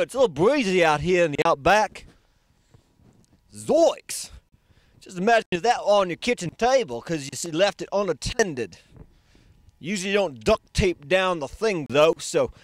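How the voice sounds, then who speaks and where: A man's voice: high-pitched, dry recording. A man giving jokey running commentary on a science demonstration outdoors at night, with rambling, punning, chuckling asides. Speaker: demonstrator in a science gag video.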